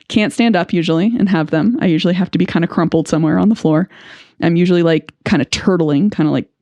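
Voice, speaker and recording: A woman's voice: lowish voice, fairly quick, warm tone, dry recording. A woman hosting a podcast as a speech-language pathologist, speaking frankly and reflectively in a candid first-person monologue, with bursts of nervous laughter.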